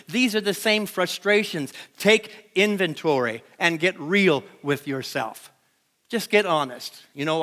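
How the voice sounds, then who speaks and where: A man preaching a sermon in a church sanctuary, his voice pitched high and bright. He is animated and draws the congregation in, asking them to say lines back to him. The sound comes through a stage microphone. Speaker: pastor.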